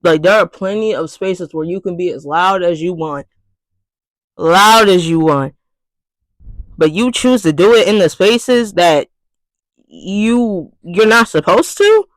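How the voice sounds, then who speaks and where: A vlogger delivering an irritated, profane rant straight to camera. The voice sits at a middling pitch and keeps circling back to the same words for emphasis. The recording is dry and close, with no room sound. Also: expressive, slow pace, long pauses, dry recording, poor audio. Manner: exasperated, profane, repetitive.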